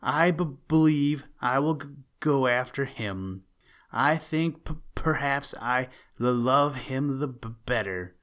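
Man voicing a dithering young female rattlesnake, storybook, higher pitch, stammering sobs. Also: expressive, slow, fairly bright tone. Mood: tearful. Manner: sobbing, stammering plea.

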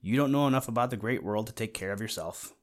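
A man's voice: fairly low pitch, fast talker, close to an everyday voice. A man voicing a small, fretful male meadow mouse in a storybook reading, giving earnest advice. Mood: earnest, worried. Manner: earnest, advising.

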